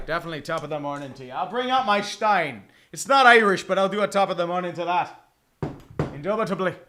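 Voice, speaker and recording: A man's voice: high-pitched, expressive, quick pace, sharp tone. A man streaming a football watch-along, chatting casually and profanely, with bursts of mock play-by-play calls. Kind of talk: casual live game commentary.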